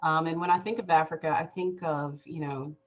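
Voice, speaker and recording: A woman's voice: sits low, steady tone, fairly quick, muffled recording. A woman hosting a podcast, giving effusive introductions and chatting casually with a guest. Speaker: podcast host. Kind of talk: casual interview.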